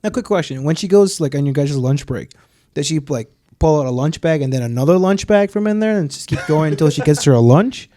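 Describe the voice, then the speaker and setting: A man with a fairly high yet mellow voice trades jokes in casual podcast chat. His voice sounds dry and close. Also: expressive, a little fast, no echo. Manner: jokey, chimes in with quips. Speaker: podcast co-host.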